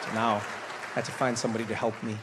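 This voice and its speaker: A male stand-up comedian telling a story on stage in a large hall, animated and slipping into voices. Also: lowish voice, racing, over a noisy crowd, very noisy.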